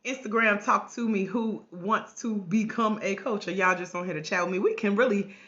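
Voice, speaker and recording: A woman hosting a casual livestream from home, hoarse with a cracking voice, chatting and greeting viewers by name through a tablet mic. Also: mid-range voice, moderate pace, fairly bright tone. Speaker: life coach trainer hosting a livestream. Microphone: tablet microphone. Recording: grainy lo-fi livestream audio.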